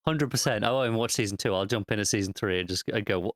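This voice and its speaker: Male co-host, fast and blunt, lowish voice, dry close mic. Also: no echo. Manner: quick, blunt and joking. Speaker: podcast co-host. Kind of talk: casual chat.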